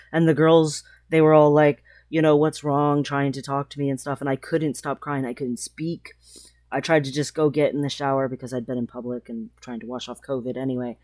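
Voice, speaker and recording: A trans woman telling a personal story in a vlog, speaking emotionally with halting restarts. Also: low-pitched, a little mellow, dry recording, clean studio sound. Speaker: vlogger.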